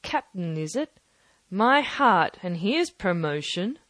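A woman doing a stern, curt ship's captain with a clipped, commanding manner. The audiobook voice is brisk and no-nonsense. It is recorded dry and close. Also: mid-range voice, dry recording, lightly acted. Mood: scornful. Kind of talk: audiobook character voice.

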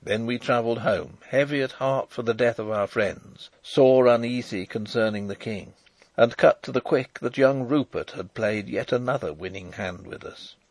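Brief: male audiobook narrator, measured and expressive, close and dry. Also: medium pitch, dry recording. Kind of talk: scripted narration of a novel.

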